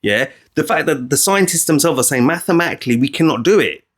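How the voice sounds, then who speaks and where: A man's voice: on the high side, animated, fast talker, husky. A man co-hosting a podcast, making his case in casual chat with pressing rhetorical questions. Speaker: podcast co-host.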